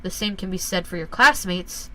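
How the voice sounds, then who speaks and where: A woman voicing a stern middle-aged father who speaks gravely and deliberately, lecturing his son. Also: on the low side, pushed and bright, poor audio.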